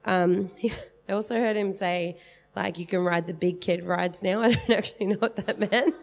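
A woman's voice: mid-range voice, fairly even intonation, normal speed, vocal fry. A woman in her thirties giving a casual, rambling testimony in church, with many fillers.

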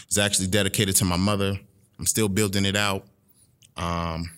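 A man's voice: low-pitched, level tone, moderate pace, a bit bright, clear, resonant tone. A man performing spoken word poetry at a library showcase, chatting with the crowd before sliding into a rhythmic, half-sung delivery. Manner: chatty banter with the audience.

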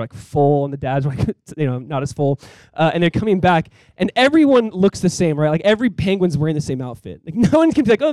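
A male pastor in his thirties preaching a sermon in a conversational, animated way, with quick asides. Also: on the high side, no room sound.

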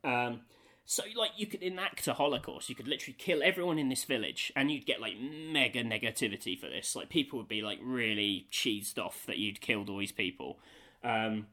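A man in casual chat, telling an animated story with many fillers and frequent laughter. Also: medium pitch, a little fast.

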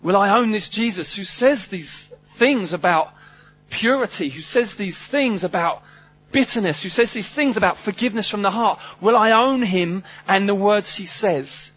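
Male preacher, high voice, earnest and emphatic, repeats himself, dull recording with a faint hum. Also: lively intonation, normal speed, a bit bright. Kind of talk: sermon.

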